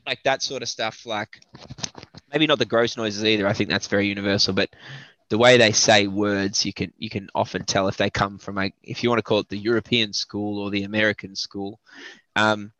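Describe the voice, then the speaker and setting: A man's voice: on the low side, steady tone, a little fast, a bit bright, no room sound. An Australian man, a metal vocalist, chatting casually in an interview and thinking aloud with lots of fillers. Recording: dull lo-fi dry audio.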